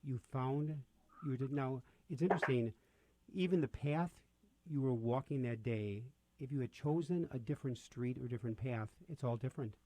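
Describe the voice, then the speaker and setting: Priest hosting a radio chat. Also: male voice, medium pitch, moderate pace, mellow, dry recording, poor audio. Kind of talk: conversational radio interview.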